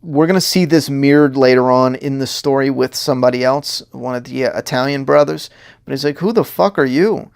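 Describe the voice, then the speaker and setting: A man's voice: mid-range voice, steady tone, fairly quick, creaky, smooth. A man talking casually as a comic writer, walking through his pages in a rambling way, often laughing and acting out characters' lines. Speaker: comic writer giving commentary.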